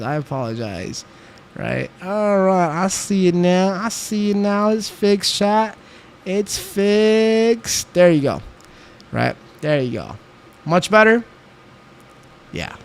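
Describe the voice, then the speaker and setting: Young male streamer, slightly high voice, casual banter with chat, faint background noise. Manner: chatty, talks back to chat, swears casually. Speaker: livestreamer. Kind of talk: casual live-stream chat while gaming.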